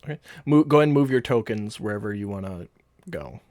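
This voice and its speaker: A man narrating as game master in a relaxed, casual way, with filler words. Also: fairly low pitch, fast talker.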